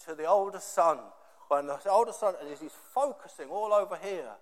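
High-voiced male preacher in a reverberant hall. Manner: emphatic, repetitive, dramatic pauses. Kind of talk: sermon.

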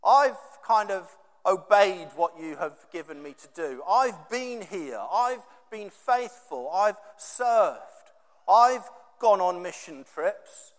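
A man's voice: high-pitched, expressive, takes it slowly, long reverb tail. A man preaching while voicing a resentful, dutiful older brother who emphatically lists his own service. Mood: indignant. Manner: indignant, emphatic complaining.

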